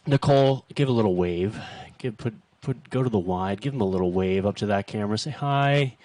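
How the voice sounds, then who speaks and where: A man's voice: on the low side, fairly quick, darkish tone, no echo, recorded from a distance. A man hosting his first live stream from a home studio, chatty, self-deprecating and a bit nervous. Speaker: host. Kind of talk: casual live stream chat.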